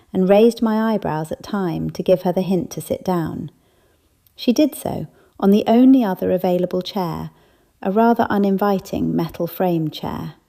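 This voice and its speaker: Gravelly-voiced woman narrating an audiobook. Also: lowish voice, dark tone. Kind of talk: first-person audiobook narration.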